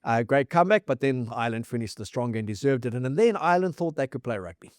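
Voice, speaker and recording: A man's voice: mid-range voice, lively intonation, quick pace, no echo, studio quality. A man hosting a casual rugby chat, telling the story at length and reeling off scores and dates. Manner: fact-heavy storyteller, reels off scores and dates. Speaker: rugby podcast host.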